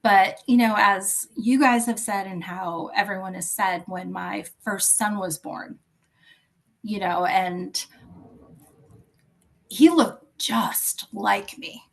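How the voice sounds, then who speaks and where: A woman's voice: medium pitch, fairly even intonation, takes it slowly, gravelly, poor audio. A woman in her fifties speaks candidly as a podcast guest. Her voice sits in a middle register, and she talks in a reflective, chatty way. She sometimes drops almost to a whisper. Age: 50s. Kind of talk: candid personal interview.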